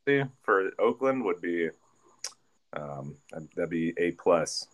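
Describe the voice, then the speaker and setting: Deep-voiced guy on a sports podcast, rambly, keeps backtracking, easygoing chat. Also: expressive, takes it slowly. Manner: rambling, self-correcting, jokey. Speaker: podcast co-host.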